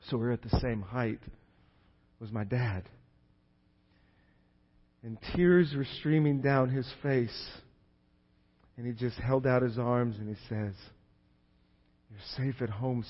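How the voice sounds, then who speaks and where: A male pastor delivers a sermon story with a fairly high voice. He drops to hushed, near-whispered passages and then climbs to excited shouts. The sound carries the long reverb of a church hall and is a little dull. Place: church sanctuary.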